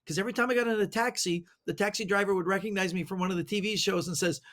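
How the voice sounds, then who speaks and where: A middle-aged man, a magician guest, telling animated anecdotes with lots of fillers. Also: sits high, racing. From Canada. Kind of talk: storytelling interview answers.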